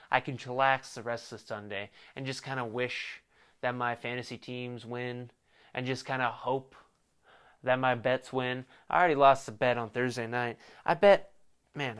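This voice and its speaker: A man's voice: mid-range voice, fairly bright tone, clean tone. A young man hosting a casual solo sports podcast, rambling and joking as he previews a game. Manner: rambling, joking, fast bursts. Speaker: podcast host.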